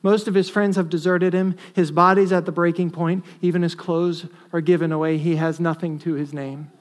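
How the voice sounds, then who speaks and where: A male pastor preaching a sermon earnestly, with emphatic stresses that drop to quiet asides. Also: a little high, level tone, normal speed.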